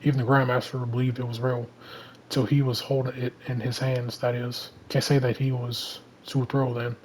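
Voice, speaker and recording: Man reading sly Cajun thief, Southern voice, flat delivery, mid pitch. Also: normal speed, a little hiss or hum, close to an everyday voice, low-quality recording. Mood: defensive. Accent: Southern American. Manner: reads lines plainly in his own voice. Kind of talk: casual comic read-through.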